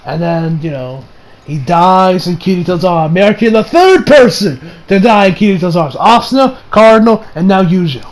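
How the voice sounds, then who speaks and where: A young man casually reviewing an anime episode, excitable, cursing a lot and restarting his sentences. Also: high-pitched, moderate pace. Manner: excitable, swears often, many fillers and restarts.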